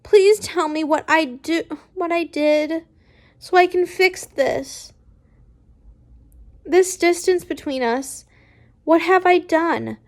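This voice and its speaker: A woman's voice: extremely high pitch, takes it slowly, pauses often, pitched above the performer's own voice, heavily acted. A woman voicing a tearful, pleading young male wizard, with hesitant restarts.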